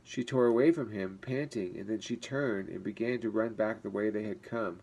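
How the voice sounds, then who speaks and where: A man reading a chapter book aloud to children, expressive and giving each character a voice. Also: lowish voice, normal speed, husky, rough recording.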